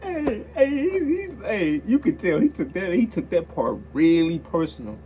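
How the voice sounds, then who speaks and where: A man's voice: sits high, big pitch swings, moderate pace, dark tone, slight background noise, low-quality recording. A young man hosting a reaction video, talking in a casual, slangy way and repeating himself as he gets worked up.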